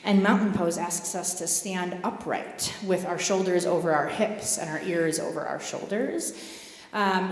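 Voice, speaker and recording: A woman guides a group through yoga postures and breathing in a calm, gently inviting voice. Her cues land in a large hall that rings with long reverb. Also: on the low side, a little slow. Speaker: yoga guide at a spiritual center. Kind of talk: guided movement and breathing instruction.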